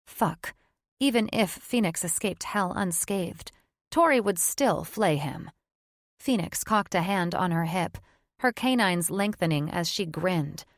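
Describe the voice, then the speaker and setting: A woman reading a fantasy audiobook in scripted narration, measured and even. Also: lowish voice, no room sound, studio quality.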